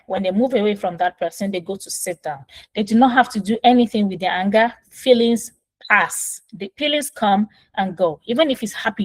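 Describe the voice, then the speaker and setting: In poor, echo-free audio from a phone mic in a completely dry room, a woman with a mid-range voice gives casual parenting guidance. As a coach, she walks through each step patiently, frequently checking in with "right?"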